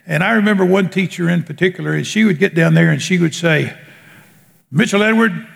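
A man preaching a sermon slowly and emphatically, drawing out his words and dropping low at the ends of phrases. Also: creaky, fairly bright tone. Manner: slow, emphatic preaching with drawn-out words and sudden drops in pitch. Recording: long hall reverb.

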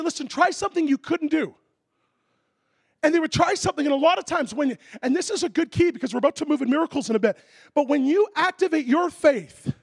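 A man preaching a sermon as a lively story, acting out voices and making comic sound effects. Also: extremely high pitch, vocal fry, no echo, clean studio sound. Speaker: pastor.

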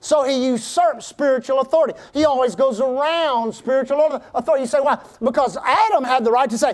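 High-voiced preacher man, call-and-response. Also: fairly quick, hardly any pauses. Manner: breaks into shouted exclamations; reads scripture aloud in old-fashioned wording. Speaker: pastor. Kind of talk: sermon.

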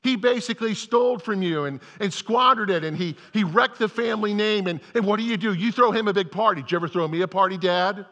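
A man's voice: sits high, fast talker, hardly any pauses, a bit bright, dull audio, voice pushed up. A man voicing a sulking, jealous older brother, complaining in an aggrieved, whiny way. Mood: resentful. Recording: long hall reverb.

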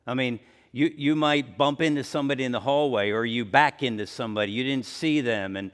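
A man's voice: mid-range voice, fairly quick. Pastor guy preaching, chatty, acts out little scenes, big echoey church hall. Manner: conversational, acts out everyday apologies with rising energy. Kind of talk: sermon.

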